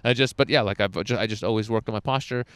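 A man coaching a seminar crowd, animated and profane, acting out little dialogues as he goes. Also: lowish voice, fast, clear, resonant tone, no room sound, studio quality. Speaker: dating coach. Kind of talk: energetic seminar talk. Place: indoor seminar room.

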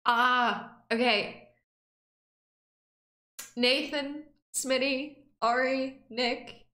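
A woman's voice: sits high, fairly even intonation, extremely slow, long pauses, pushed and bright, roomy sound. A young woman streamer reacting on a casual stream, emotional, teary and swearing freely.

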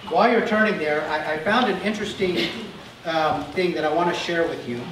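A pastor's Easter sermon comes through a very echoey sanctuary, his voice distant and faint noise in the background. He talks briskly with a fairly high pitch, acting out Bible figures with animation and regularly checking in with the congregation by saying "Okay?"

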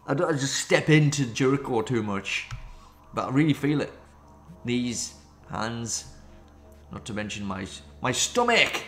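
A man's voice: medium pitch, unhurried, long pauses. A man hosting a let's-play of a visual novel, cracking rambling jokey asides as he reads along. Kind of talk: reading and reacting to a visual novel. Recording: echoey room with game music.

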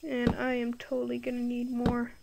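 A woman's voice: fairly high pitch, completely flat delivery, moderate pace, vocal fry, heavy background noise. A woman giving casual commentary while playing a game, rambling and thinking aloud with lots of fillers, recorded on a computer microphone. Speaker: gameplay video creator.

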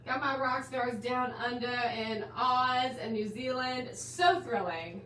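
Speaking slowly in a voice on the high side, fairly bright and fairly even in intonation, a woman greets viewers of her live online quilting class stream. She's gushing and bubbly, addressing them as guys and my dear, in a roomy, slightly distant recording with faint hiss.

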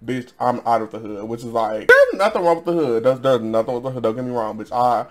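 A man in his twenties with a medium-pitched, sing-song, fairly bright voice talks fast in a storytime vlog to camera at home. He's sassy and profane, laughs often, and calls his viewers girl.

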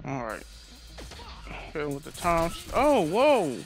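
A man speaking slowly on the high side, with huge swings in pitch, gives relaxed let's-play commentary over a shooter game. Game music runs beneath as he swears and hurls frustrated insults at the enemies.

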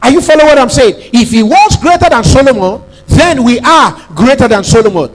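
Pastor guy with a really high voice, preaching hard, keeps asking if you're following. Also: expressive, brisk, rough recording. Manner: emphatic preaching with call-and-response prompts; repeats phrases for emphasis. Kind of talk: sermon.

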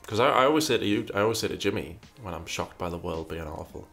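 A low-pitched, gravelly, slightly bright male voice with lively intonation moves at a quick pace over soft background music. He's hosting a casual question session, reading out viewer questions, pondering each answer, and frequently repeating himself.

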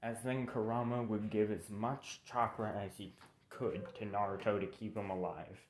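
A man's voice: fairly low pitch, steady tone, moderate pace. A young man casually narrating a fan story, rambling and correcting himself with informal asides. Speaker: channel narrator.

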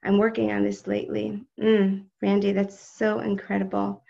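A woman teaching a live online religious class, expressive and speaking straight to her listeners, answering their chat comments, over dull video call audio. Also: mid-range voice, normal speed, creaky.

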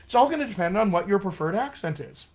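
A man with a General American accent, teaching accents in a live-streamed lesson with an energetic, emphatic manner. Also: high voice, fast talker. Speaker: dialect coach. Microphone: webcam or phone mic.

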